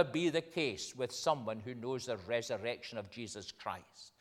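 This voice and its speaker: A man's voice: mid-range voice, lively intonation, moderate pace, few pauses, in a large hall. An older man, a minister preaching a sermon in a conversational way, building up to emphatic points. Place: church.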